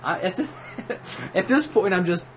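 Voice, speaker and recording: A man's voice: high-pitched, expressive, unhurried, a bit bright, a little hiss or hum. A drunk man livestreaming at home, telling a profane, rambling story in a casual way, with many restarts. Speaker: livestream host. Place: at home while gaming.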